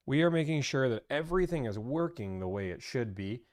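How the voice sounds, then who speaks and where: A young man hosting a casual livestream, talking in an energetic, rambling and playful way. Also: mid-range voice, a little fast, few pauses. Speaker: livestream host and car deal negotiator.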